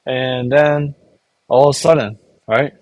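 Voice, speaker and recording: A man's voice: medium pitch, steady tone, no room sound, poor audio. Rambling young man recapping an anime. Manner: rambling, acts out characters in quick put-on voices. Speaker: anime reviewer. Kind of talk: casual recap.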